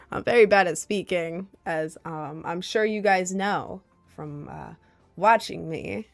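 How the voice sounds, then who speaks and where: Gravelly-voiced young woman rambling on stream. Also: on the low side. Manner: rambling, self-deprecating, giggly. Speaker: livestreamer reading chat. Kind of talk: casual livestream chat. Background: faint Celtic music.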